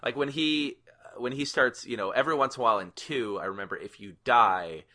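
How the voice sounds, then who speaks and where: A man chatting casually on a podcast, animated, swearing now and then and using lots of fillers. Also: medium pitch, fairly quick.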